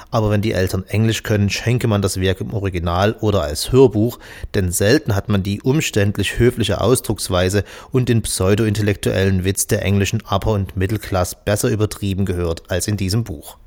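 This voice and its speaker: A man presenting a scripted book review in a dry, ironic, even manner. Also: lowish voice, fairly quick, few pauses.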